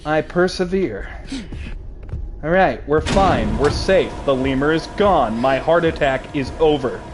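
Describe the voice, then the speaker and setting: A man giving live gameplay commentary as a streamer, excitable and prone to panic, swearing and talking to his chat and to game characters. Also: a little high, measured pace, background noise.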